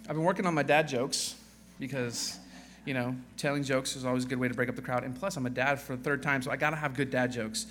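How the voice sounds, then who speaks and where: A man in his thirties, a guest pastor, preaching a casual sermon full of jokes, fillers and restarts, quieter in prayer. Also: medium pitch, fairly even intonation, fast talker, a little hiss or hum.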